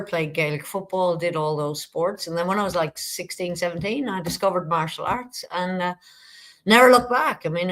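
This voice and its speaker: A middle-aged Irish woman from Ireland, a guest speaking in a relaxed, casual way with some hesitation. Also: low voice. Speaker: guest, psychologist. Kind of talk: casual interview conversation.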